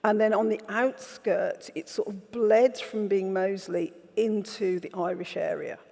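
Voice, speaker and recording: Brummie woman chatting candidly on a festival stage, bit gravelly, echoey hall. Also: medium pitch, steady tone, unhurried, dark tone. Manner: candid, storytelling, wry. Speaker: author guest. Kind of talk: festival onstage conversation.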